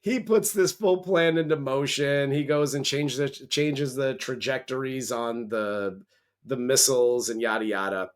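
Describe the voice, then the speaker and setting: Slow-talking joking male film reviewer. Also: mid-range voice, steady tone, clear, resonant tone. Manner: profane, joking, rambling retelling. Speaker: movie review co-host. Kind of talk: casual comedic film recap.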